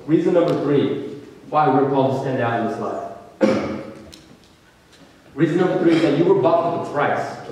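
A young man preaches to students in a loose, heartfelt way, leaning on fillers as he goes. His voice sits at a middling pitch. It is picked up from a distance in a big hall that rings with long reverb. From California. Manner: earnest, conversational, many fillers. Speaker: student speaker. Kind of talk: casual sermon to students. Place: large hall.

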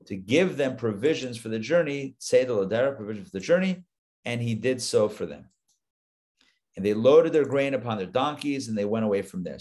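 A man, a rabbi, teaching a live Torah class, retelling the story with lively asides and acted-out lines. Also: mid-range voice. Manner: animated storytelling, acts out the biblical lines, chatty asides.

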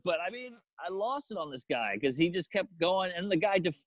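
Male comedian guest, slightly high voice, profane animated storyteller, dry close mic. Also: normal speed, few pauses, dry recording, poor audio. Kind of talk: casual storytelling chat.

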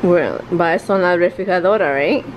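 A woman vlogging her family day, talking in an expressive, excitable way and dropping in Spanish phrases. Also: lowish voice, fairly quick, dull audio, background noise. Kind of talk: casual daily vlog. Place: home, then outside in a parking lot.

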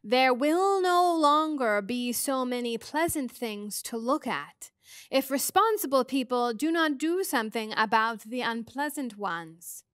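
A woman reading aloud voices a commanding ancient female star being, slow and booming. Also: lively intonation, fairly bright tone, smooth, no room sound, studio quality.

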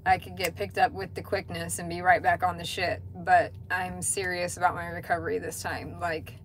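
A woman's voice: lowish voice, level tone, normal speed. A woman hosting a casual livestream from inside a truck cab. She reads viewer comments aloud and answers them in a candid, chatty way, swearing now and then. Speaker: livestream host.

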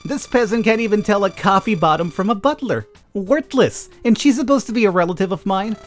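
A man's voice: high-pitched, expressive, brisk, soft background music, pitched above the performer's own voice. A man voicing a snobbish, stuck-up rich young woman in a game, talking in a haughty, sneering way.

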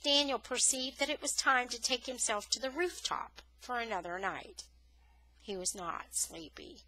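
A woman's voice: mid-range voice, dry recording, poor audio. A woman reading a novel aloud as a storyteller, lifting her voice on the dramatic moments. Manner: expressive storytelling, rising on dramatic words. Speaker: audiobook reader.

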